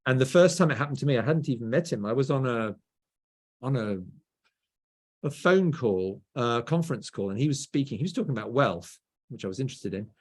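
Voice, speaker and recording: Mid-pitched middle-aged English male guest, BBC southern accent, anecdotal and chatty. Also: lively intonation, brisk, a little mellow. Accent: southern English, BBC-style. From England. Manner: storytelling, often adds "right?". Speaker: guest author. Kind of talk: conversational interview.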